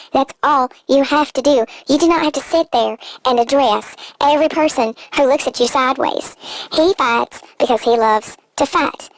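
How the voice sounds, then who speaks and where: A woman's voice: high-pitched, no echo, low-quality recording. Sarcastic woman narrating commentary. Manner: sarcastic, mocking, dramatic rhetorical questions. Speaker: commentary channel host.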